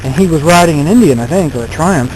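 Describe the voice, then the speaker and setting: A man in his thirties talks through a casual vlog story, wandering from point to point with lots of fillers. His voice sits a little on the high side. A faint hum of noise lies under it. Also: expressive, fast, a little mellow, low-quality recording. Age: 30s. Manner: rambling, self-deprecating, many fillers. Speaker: vlogger.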